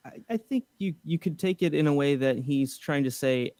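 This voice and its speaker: A man's voice: a little high, expressive, moderate pace, few pauses, mellow, no echo. A man co-hosting a casual fan podcast, rambling with restarts and tossing in jokes. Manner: joking asides, rambling restarts. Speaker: podcast co-host.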